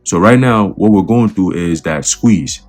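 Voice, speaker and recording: A man's voice: sits low, a little slow, faint music behind. A man giving casual religious and political commentary in a conversational way, repeating words and checking in with the listener. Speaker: online commentator.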